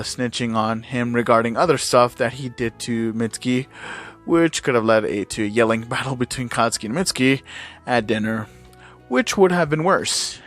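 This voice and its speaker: A man reads a fan-made story aloud at an easy, even pitch, now and then tripping over a word or adding a filler. Soft music plays quietly behind him. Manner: casual, with small slips and fillers. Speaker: channel host reading fan fiction. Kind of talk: casual reading of fan fiction.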